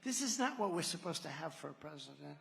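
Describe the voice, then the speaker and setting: A man's voice: fairly high pitch, big pitch swings, fast talker, vocal fry, a bit bright. A man giving a rambling, sarcastic campaign rally speech, telling stories and acting out quotes. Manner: digressive, sarcastic, acts out quotes. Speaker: political candidate at a campaign rally. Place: large rally venue. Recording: echoey hall reverb.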